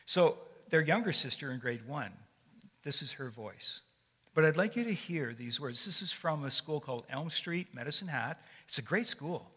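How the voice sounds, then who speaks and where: An older man preaches in a conversational storytelling tone, with lots of small fillers and restarts. His voice is bright and forceful. It rings with the long echo of a large church hall. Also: fairly high pitch, lively intonation, normal speed, husky. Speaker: guest speaker. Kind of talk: sermon. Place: church sanctuary.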